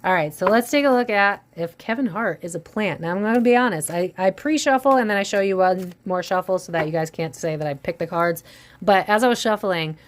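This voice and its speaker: A woman's voice: mid-range voice, a little fast, a little hiss or hum. A woman doing a casual psychic tarot reading, musing aloud and voicing what she senses, with frequent restarts and trailing phrases. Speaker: tarot reader.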